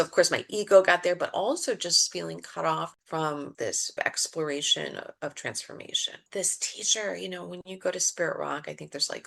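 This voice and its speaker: A mindfulness coach, a woman with a somewhat low voice and a gravelly texture of vocal fry. She tells a personal story in an interview, expressive and reflective. She sometimes drops to a hushed tone. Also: rough recording. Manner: expressive storyteller who acts out dialogue.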